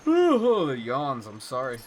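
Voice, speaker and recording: A man's voice: medium pitch, normal speed, pushed and bright, a little hiss or hum. A man streaming a video game live, rambling casually and thinking aloud as he plays. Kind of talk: casual live gameplay commentary.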